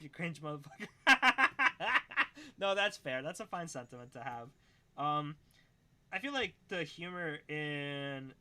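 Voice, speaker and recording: Bright-voiced young man streaming casually. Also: fairly high pitch. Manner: swears a lot, laughs often, rambling. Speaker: livestreamer. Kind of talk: casual livestream chat reading chat.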